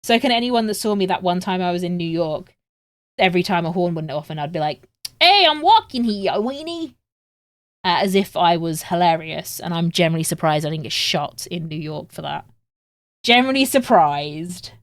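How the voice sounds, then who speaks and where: A woman chats on a craft stream, swearing freely and poking fun at herself. Her voice sits a little low. The sound is dry and close. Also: fairly quick, no room sound. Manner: chatty, self-mocking and swearing. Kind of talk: casual live-stream chat while crafting.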